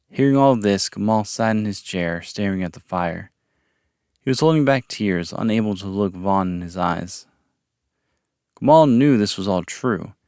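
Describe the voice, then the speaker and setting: Low-voiced guy reading a story podcast, calm and measured, dry close sound. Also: clear, resonant tone, no room sound. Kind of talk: audiobook-style story narration.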